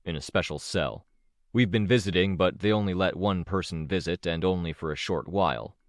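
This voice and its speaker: A man reads a calm young team leader in a low, even, reassuring tone for an audiobook. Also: fairly quick, dry recording, studio quality, natural voice.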